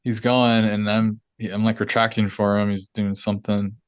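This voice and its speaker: A man's voice: on the low side, level tone, moderate pace, clear, resonant tone, dry recording, lo-fi sound. A man hosting a podcast, telling a story in a chatty, loose way with lots of fillers and laughs. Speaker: podcast host. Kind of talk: casual chat.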